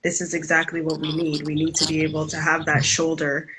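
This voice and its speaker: A woman's voice: sits low, monotone, fairly quick, noisy background. A woman hosting an interview, affirming and agreeing with her guest. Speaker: host. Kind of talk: interview conversation.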